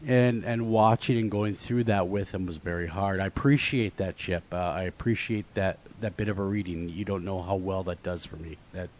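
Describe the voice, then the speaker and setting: A male radio host talking in an interview in a halting, heartfelt way. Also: low-pitched, fairly even intonation, a little mellow, slight background noise. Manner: halting, heartfelt, with many restarts.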